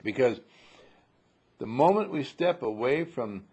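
A man giving an unhurried, reflective spiritual talk as a teacher, posing rhetorical questions to his listeners. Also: medium pitch, expressive, darkish tone, breathy edge, lo-fi sound.

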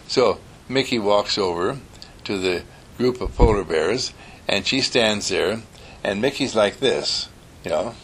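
A man telling an animated, playful bedtime story to children, often clearing his throat. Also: lowish voice, takes it slowly, pauses often, slight background noise.

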